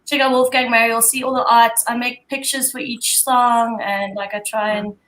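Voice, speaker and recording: A woman chatting as a guest artist, relaxed and stumbling over a few words. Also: a little high, moderate pace, low-quality recording. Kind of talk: casual chat.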